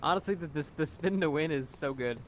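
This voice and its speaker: A man's voice: fairly high pitch, fairly quick, slight background noise. Chatty man explaining a game. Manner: talkative, explaining game details with laughs. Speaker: co-host. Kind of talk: casual gaming chat.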